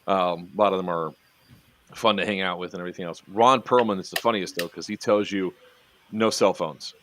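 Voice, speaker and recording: A man's voice: low voice, steady tone, fairly quick, fairly bright tone, a little hiss or hum. A man hosting a casual online chat, telling rambling stories full of fillers and restarts. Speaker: podcast host.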